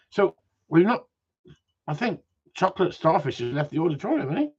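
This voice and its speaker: Husky man chatting on a live stream. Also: a little high, big pitch swings, a little fast, pauses often, a little mellow. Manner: banter-filled, swears, reads viewer messages aloud. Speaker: gundog trainer hosting a live stream. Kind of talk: casual live-stream chat reading viewer comments. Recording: dull lo-fi sound.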